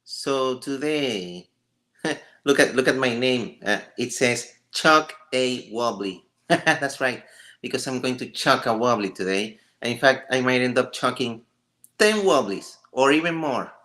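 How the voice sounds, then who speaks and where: A man chats on a casual live stream, breaking into laughter between jokes and rambling rants. His pitch swings widely and his tone is bright, while he speaks at an unhurried pace. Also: animated. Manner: laughs often, jokey and rambling.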